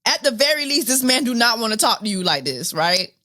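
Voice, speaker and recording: Incredulous woman podcaster, lively pitch. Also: brisk, no echo, studio quality. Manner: exasperated, incredulous, repeats herself, laughs often. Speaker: podcast host. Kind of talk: casual commentary.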